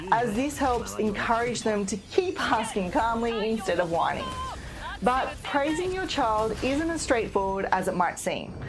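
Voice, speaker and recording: A woman giving parenting advice in calm, steady, scripted narration, like a patient teacher. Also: on the high side. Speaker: parenting educator.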